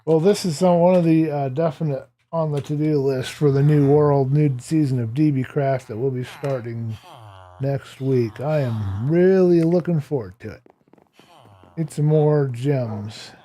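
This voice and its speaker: A man gives relaxed gameplay commentary in an unhurried, drawn-out way, his voice dark and mellow yet pitched a little high. He talks to the characters on screen and to his viewers and chuckles often. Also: slight background noise. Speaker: streamer.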